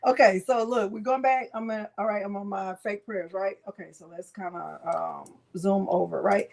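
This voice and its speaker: Middle-aged lady walking thru design software live, a bit high-pitched, chatty, greets viewers as she goes. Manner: chatty, talks to viewers by name while demonstrating. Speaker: craft tutorial host. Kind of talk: live screen-share software tutorial.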